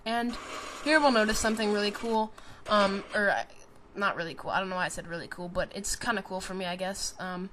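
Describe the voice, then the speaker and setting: A woman's voice: medium pitch, fairly even intonation, a little fast, few pauses, a bit bright, a little hiss or hum. Tired, rambling woman commentating a game trailer. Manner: rambling, many ums, self-correcting. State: tired, sleepy. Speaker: gaming commentator.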